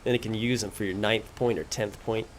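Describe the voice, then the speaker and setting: A man chatting casually while playing a video game, relaxed and laughing easily. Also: fairly low pitch, brisk, a little hiss or hum. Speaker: game streamer. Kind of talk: casual let's play commentary.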